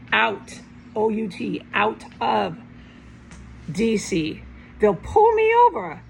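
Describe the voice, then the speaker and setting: A woman rants into her camera from indoors, agitated and swearing hard. Her voice carries a rough, gravelly fry, pitched in an ordinary middle range. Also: slight background noise, rough recording. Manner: agitated, ranting, heavy swearing. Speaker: vlogger. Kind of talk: angry rambling monologue to camera. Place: indoors at home.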